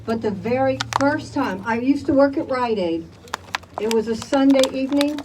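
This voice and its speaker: Older Chicago woman speaking forcefully at a rally. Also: high voice, animated, normal speed, distant mic, background noise. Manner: emphatic, rallies the crowd with "all right?". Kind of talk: impassioned public testimony.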